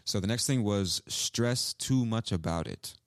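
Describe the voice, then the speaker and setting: A man with a fairly low pitch speaks unhurriedly in a dry, studio-quality recording. He's an English teacher hosting a learning podcast, casually explaining phrases, repeating examples, and acting out sample lines.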